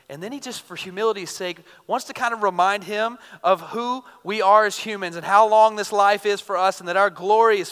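A pastor in his thirties preaches in an earnest, conversational style, swinging between loud bursts and quiet intensity. His voice is high-pitched and smooth, recorded in a reverberant hall.

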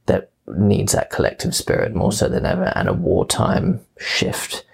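A man in his twenties, from England, answering interview questions casually and telling stories with lively quoted voices. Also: low-pitched, measured pace, vocal fry, slightly rough. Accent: English with Australian touches. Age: 20s. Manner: animated storytelling with playful quoted voices. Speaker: guest.

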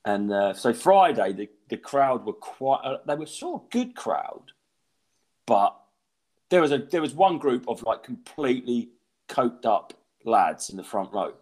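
A man's voice: mid-range voice, very animated, unhurried, a little mellow. A man in his thirties, a comedian hosting a podcast, telling swear-laden, self-mocking anecdotes in casual chat. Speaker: stand-up comedian and podcast host.

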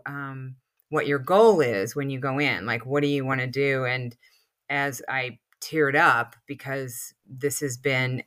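A woman's voice: very deep voice, fairly bright tone. A woman in her sixties co-hosting a podcast in casual chat, rambling and emotional with many fillers, with a slight lisp from a new retainer. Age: 60s. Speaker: podcast co-host.

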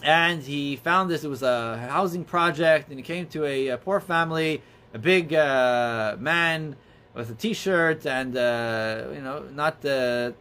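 A man earnestly telling religious stories as a teacher, in a halting, storytelling way. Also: fairly high pitch, pushed and bright. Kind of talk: storytelling talk.

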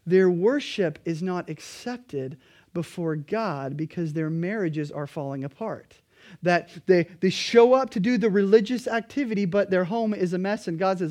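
Male pastor, higher voice, earnest emphatic sermon delivery. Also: lively intonation, moderate pace. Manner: emphatic preaching, pleading then quietly earnest.

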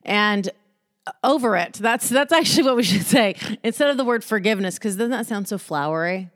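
A woman's voice: medium pitch, lively intonation, a little fast, no echo, studio quality. A woman hosting a casual self-help monologue, candid and joking, with profane asides.

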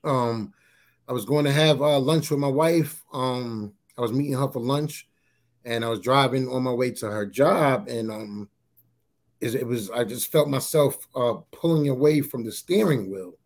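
A man sharing a personal testimony in a casual interview, halting and repeating his words as he tells it. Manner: halting, repeats words, often says "you know what I'm saying"; grows animated at high points.

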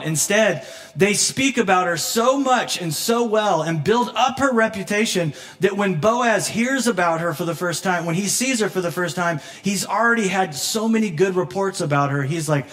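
Man, pastor, sermon, fairly high voice, animated, conversational, laughs often, emotional. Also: normal speed. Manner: emotional, near tears at moments.

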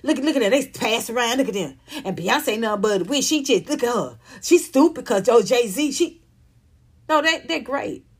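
A woman's voice: on the high side, animated, normal speed, breathy edge. A woman in her fifties ranting in an emphatic, profane monologue, often repeating herself. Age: 50s. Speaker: vlogger.

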